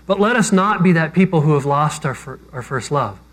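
Male pastor, sermon, conversational, self-deprecating humor, slightly high voice. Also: animated, fairly quick, a bit bright.

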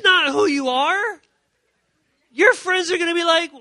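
A man giving an energetic youth sermon, animated, repeating his key points and acting out quoted voices. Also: very high voice, measured pace, long pauses, dry recording. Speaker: youth speaker.

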